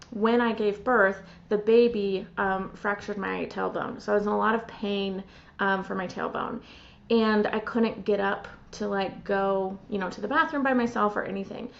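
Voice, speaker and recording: A middle-aged woman hosting a podcast, telling a personal story in an animated, run-on way full of fillers. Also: medium pitch, vocal fry. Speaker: podcast host. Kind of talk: casual conversational storytelling. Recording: muffled lo-fi audio.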